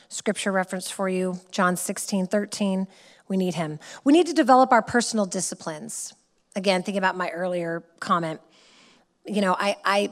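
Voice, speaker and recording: A middle-aged woman giving a conversational sermon, telling stories in a lively way and laughing now and then. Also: medium pitch.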